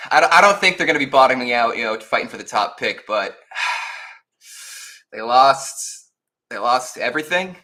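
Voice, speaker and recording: A man with a bright, somewhat tense voice talks through sports numbers. He hesitates often, with fillers and sighs. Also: medium pitch. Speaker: podcast co-host. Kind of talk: casual sports chat.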